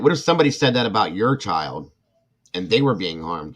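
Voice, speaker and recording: A man's voice: low voice, expressive, a little fast, a bit bright. A middle-aged man hosting a true crime livestream, ranting with indignant passion, reading comments from chat and apologizing between outbursts. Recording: dull lo-fi sound.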